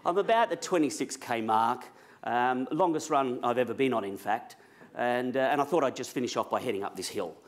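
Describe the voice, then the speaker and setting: A man's voice: mid-range voice, fairly quick. A man telling a personal story to a live audience, chatty and self-mocking, now and then asking the crowd questions. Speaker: public speaker.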